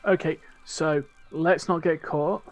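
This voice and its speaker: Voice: mid-range voice, steady tone, slow, faint music behind. A player in an online tabletop game, bantering and joking in character and out. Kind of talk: casual tabletop play.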